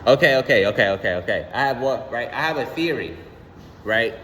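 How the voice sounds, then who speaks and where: A young man ranting casually on his own channel, animated and slangy, swearing often and repeating "son". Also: mid-range voice, brisk, long reverb tail, a little hiss or hum. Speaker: vlogger. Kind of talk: casual rant.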